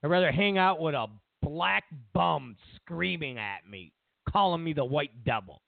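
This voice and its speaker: At a measured pace, a man with a fairly high voice and vocal fry hosts a talk show, delivering profane, mocking, animated rants. The recording is dry and tinny like a phone call, with no room sound.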